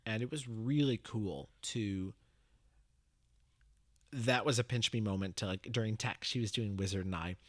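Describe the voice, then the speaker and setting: A man chatting as a guest, telling stories in a lively way with many fillers and restarts. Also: lowish voice, moderate pace, long pauses, no room sound, studio quality. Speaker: guest, medium and teacher. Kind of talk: casual storytelling chat.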